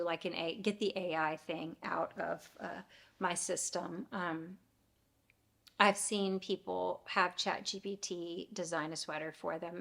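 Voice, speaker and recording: A woman hosting her own knitting podcast, talking in a relaxed, rambling way with frequent fillers. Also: fairly low pitch, gravelly. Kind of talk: casual chat.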